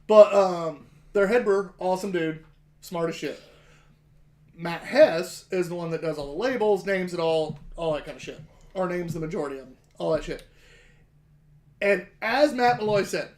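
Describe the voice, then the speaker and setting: A man's voice: sits high, normal speed. A man co-hosting a beer podcast, chatting casually and swearing now and then as he describes the flavor. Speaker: podcast co-host. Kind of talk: casual beer-tasting chat.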